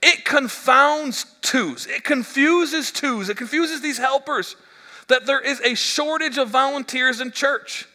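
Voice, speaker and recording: A middle-aged man preaching a sermon as pastor, animated and joking, stumbling into quick restarts. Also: very high-pitched. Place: church hall. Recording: echoey church hall.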